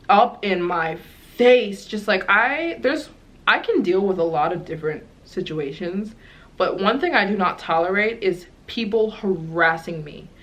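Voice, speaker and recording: A young woman telling a travel story to camera, rambling and animated with many fillers. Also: mid-range voice. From United States. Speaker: travel vlogger.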